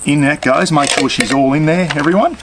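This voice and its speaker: A man's voice: on the high side, brisk, noisy background. A man with an Australian accent hosting a casual cooking demonstration, chatting straight to his viewers as he cooks outdoors. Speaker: cooking channel host.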